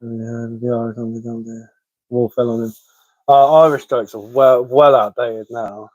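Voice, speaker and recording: A man's voice: mid-range voice, flat delivery, measured pace, a little mellow, no echo. A man chatting casually on a live stream from his living room, telling dad jokes and chuckling at them.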